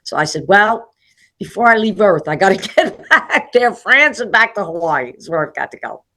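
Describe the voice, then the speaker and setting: A woman's voice: medium pitch, normal speed. A woman in her sixties from New Jersey with a New Jersey and New York City accent, chatting as an interview guest and telling stories. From New Jersey, USA. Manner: chatty, animated storytelling with many "okay?" asides. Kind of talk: casual interview chat.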